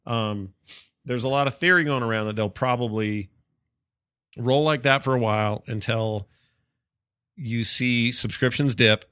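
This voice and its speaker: A man's voice: mid-range voice, unhurried, long pauses, sharp tone, clear, resonant tone, dry recording, studio quality. A man co-hosting a casual gaming podcast, talking at length with lots of fillers and restarts, a little stuffy from allergies. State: sneezy, coughing from allergies. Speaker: podcast co-host. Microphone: studio mic with cough switch.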